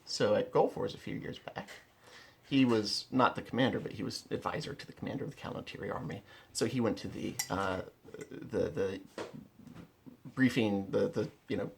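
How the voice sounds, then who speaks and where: Man at home explaining melee tactics; gravelly, mid-range voice, blunt and repetitive. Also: mid-range voice, slight background noise. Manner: emphatic, blunt, repeats key words, restarts often. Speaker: rapier melee instructor. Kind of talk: casual instructional talk to camera. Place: at home, indoors.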